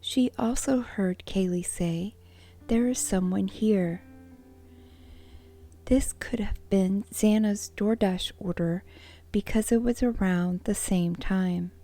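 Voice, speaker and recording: Slow, mellow whispering woman. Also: mid-range voice, faint music behind. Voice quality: unvoiced whisper. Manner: soft-spoken, measured storytelling. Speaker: true crime ASMR narrator. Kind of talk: whispered ASMR narration.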